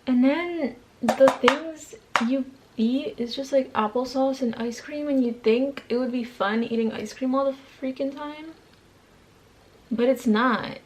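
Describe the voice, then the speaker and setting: A woman's voice: sits high, unhurried, darkish tone, rough recording. A young woman chatting casually while she does her makeup at home, rambling with lots of slang and fillers. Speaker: beauty vlogger. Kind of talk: chatty get-ready-with-me vlog. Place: home, doing makeup at a mirror.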